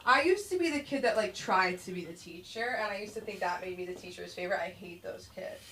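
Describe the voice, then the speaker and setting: A woman's voice: on the low side, animated, fast, bright, forceful tone. A woman doing a rambling stand-up set at an open mic, acting out kids and herself in voices. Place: small comedy club stage. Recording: distant room mic with faint noise.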